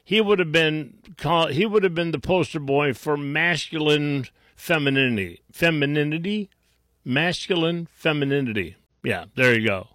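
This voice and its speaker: A man's voice: fairly high pitch, animated, normal speed, fairly bright tone, dry recording, clean studio sound. A man hosting a talk radio show, mocking and sarcastic, often restarting his sentences. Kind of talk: combative talk radio commentary.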